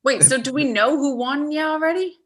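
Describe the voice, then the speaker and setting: A woman's voice: high-pitched, fairly quick. A woman from Texas on a comedy panel, giggly and playful in casual banter.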